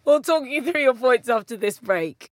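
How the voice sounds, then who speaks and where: A woman's voice: a little high, animated, moderate pace. A woman hosting a podcast quiz, enthusiastic and upbeat as she reads out answers and scores. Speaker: quiz host.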